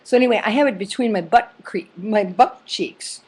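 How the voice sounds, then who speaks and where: A woman's voice: mid-range voice, moderate pace, a little mellow, slightly rough. Rambling, profane woman telling a story. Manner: rambling, profane, lots of fillers. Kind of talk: casual personal storytelling.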